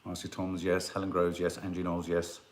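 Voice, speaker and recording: A low-pitched man hosts a casual live stream, speaking briskly with a completely flat delivery. He reads out viewer comments and chats in a rambling manner, frequently restarting and slipping in asides.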